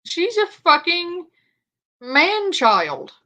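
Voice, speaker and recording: A woman's voice: very high voice, very animated, extremely slow, bright, forceful tone. Sarcastic woman reacting to a clip. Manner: sarcastic, blunt, swearing. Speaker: reaction streamer. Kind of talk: casual commentary on a clip.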